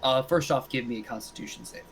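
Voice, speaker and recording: A man's voice: mid-range voice, fast, vocal fry, a little hiss or hum. A man running a tabletop game as game master, narrating loosely with many fillers.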